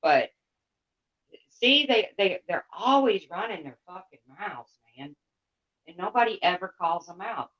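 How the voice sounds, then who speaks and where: A woman's voice: mid-range voice, animated, a little slow. Blunt, profane woman livestreamer. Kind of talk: ranting livestream chat. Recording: dull lo-fi sound.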